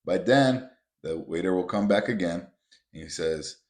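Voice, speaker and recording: On his motivational podcast, a man with a deep, very low, somewhat dark voice lays out advice in an animated, emphatic, blunt way, with plenty of profanity. He keeps a moderate pace and speaks directly to listeners, often calling them "guys."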